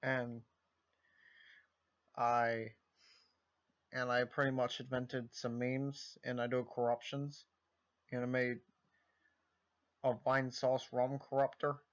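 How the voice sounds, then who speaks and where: A rambling, self-mocking male streamer, as a man puts him on, who talks slowly and haltingly with plenty of pauses. The sound is dull and lo-fi, like a cheap home recording. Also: medium pitch, level tone, close to an everyday voice. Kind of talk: homemade impression video.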